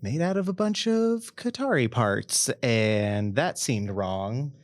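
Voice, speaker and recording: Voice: medium pitch, animated, slow pace, no room sound, clean studio sound. A player in a tabletop game, talking eagerly in character.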